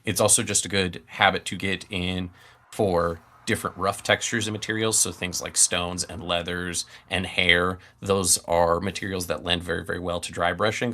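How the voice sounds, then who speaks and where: A man with a very deep voice and a bright, forceful edge talks through a painting method. He explains patiently, step by step, in a casual live-stream chat. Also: fairly even intonation, normal speed.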